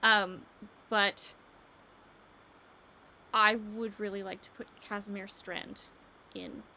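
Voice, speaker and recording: A woman's voice: medium pitch, flat delivery, slow, vocal fry, sharp tone, slight background noise, heavily acted, poor audio. A woman voicing a candid, emphatic rebel leader. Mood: earnest.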